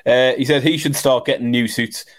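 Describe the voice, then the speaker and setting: A man's voice: mid-range voice, steady tone, moderate pace. Matter-of-fact male podcast co-host. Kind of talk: casual chat.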